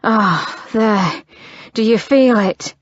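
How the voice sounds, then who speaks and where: A woman voicing a tender, insistent male nobleman in whispered role-play, with a low, hushed murmur, on a slightly muffled recording. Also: extremely slow, no echo.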